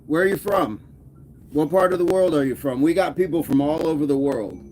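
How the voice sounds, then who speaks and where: Brief: male fitness stream host, light higher-pitched voice, playful teasing banter with chat. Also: a little fast, darkish tone, slight background noise. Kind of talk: casual live chat with viewers.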